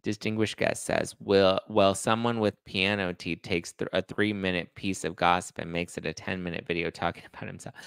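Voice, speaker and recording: A man's voice: sits low, fairly even intonation, moderate pace, gravelly, few pauses, fairly bright tone, clean tone, no room sound. A young man hosting a podcast livestream, chatting casually and reading out viewer comments, with a slight lisp. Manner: chatty, rambling, self-deprecating. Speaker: podcast host reading live chat.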